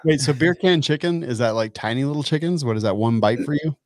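A man's voice: mid-range voice, quick pace, no room sound. A man co-hosting a podcast who mostly gives short dry reactions and teasing questions. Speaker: podcast co-host. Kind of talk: casual podcast chat.

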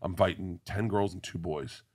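Brief: bold, blunt teen girl announcing plans, quoted by her dad in a lower tone. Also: steady tone, moderate pace, darkish tone, husky. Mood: matter-of-fact. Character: teenage girl, bold and matter-of-fact.

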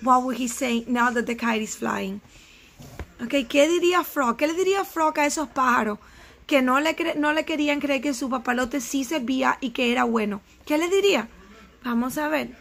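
A woman teaching first graders a reading lesson, asking questions gently and switching into Spanish now and then. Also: sits high, fairly quick, gravelly. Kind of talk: remote reading lesson for children.

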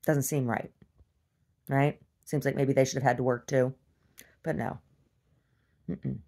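Low-pitched woman, casual video diary rant, blunt and profane, mocks people in silly voices. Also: steady tone, unhurried, gravelly, mellow. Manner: blunt, profane, exasperated venting; mocks others in exaggerated voices. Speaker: video diarist.

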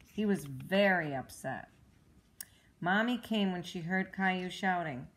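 A woman reading a children's storybook aloud at home, with clear, even, expressive narration. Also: lowish voice, measured pace. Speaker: storybook reader.

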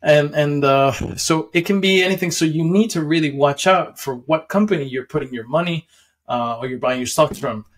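Casting: young male explainer, slightly high voice, loose rambling delivery with lots of ums and chuckles. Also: moderate pace. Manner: rambling, many fillers and restarts, chuckles often. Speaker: finance video host. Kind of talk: casual explainer.

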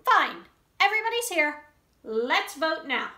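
A woman's voice: very high-pitched, sing-song, measured pace, bright, forceful tone, pitched above the performer's own voice, exaggerated voice. A woman doing a bossy tough-talking hen. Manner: brusque, calls others kid. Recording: roomy echo.

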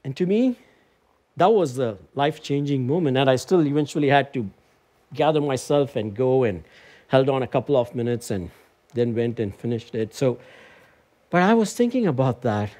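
A man preaching a sermon in a church, telling a personal story and building to emphatic, high-pitched proclamation. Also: lively intonation, moderate pace, warm tone. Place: church sanctuary.

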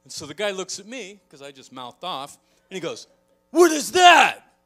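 A man preaching with a high, lively voice that swoops up and down as he acts out a story. His tone is very bright and cutting, and soft music plays underneath. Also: brisk. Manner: animated storytelling, acting out shouts. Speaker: pastor. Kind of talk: sermon. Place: church.

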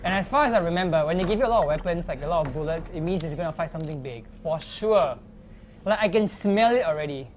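A woman's voice: on the low side, animated, quick pace, slight background noise. A woman hosting a gameplay stream, chatting and joking with many fillers. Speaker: gameplay host. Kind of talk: casual gameplay commentary.

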